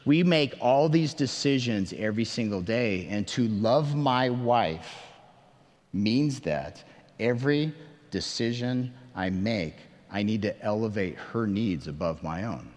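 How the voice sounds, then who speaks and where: A man's voice: on the low side, lively intonation, slow, darkish tone. A man preaching a sermon as pastor, earnest and conversational, with self-deprecating asides and emphatic questions to the congregation. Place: church sanctuary. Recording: long reverb of a large hall.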